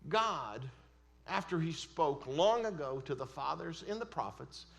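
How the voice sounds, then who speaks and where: A man preaching a sermon as pastor of a church, emphatic, swinging between loud declarations and hushed asides. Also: fairly high pitch, expressive, measured pace, creaky. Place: church sanctuary.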